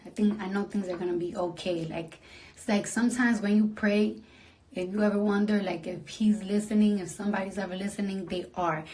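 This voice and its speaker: A sleepy woman at home at night, talking into her phone on a casual livestream, soft and emotional and often dropping to a whisper. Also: medium pitch, steady tone, fairly quick.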